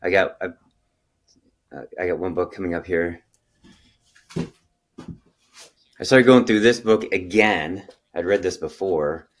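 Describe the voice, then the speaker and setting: A middle-aged man, a chiropractor hosting a health interview, explaining at length and telling stories with bursts of excitement and quiet trailing asides. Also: low-pitched, slow pace, long pauses. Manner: animated storyteller, lively when excited, trailing off into quiet asides. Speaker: chiropractor and health podcast host.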